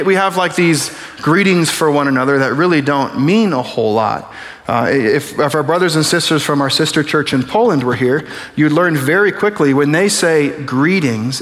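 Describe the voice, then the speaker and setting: Joking young pastor in a reverberant church. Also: male voice, on the high side, a bit bright. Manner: conversational, joking preacher who acts out little scenes. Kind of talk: sermon. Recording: long reverb of a large hall.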